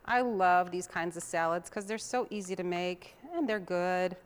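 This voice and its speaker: A woman's voice: on the low side, moderate pace, clean tone. A young woman hosting a TV cooking show, chatting in a homey way while she chops and mixes. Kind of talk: casual cooking demonstration.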